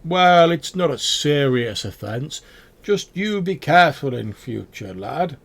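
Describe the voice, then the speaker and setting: Man doing a gruff, gravelly dwarfish guard, firm but fair, voice pitched a bit higher. Fantasy game character. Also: big pitch swings, a little slow, heavily acted. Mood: scolding. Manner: scolding, firm.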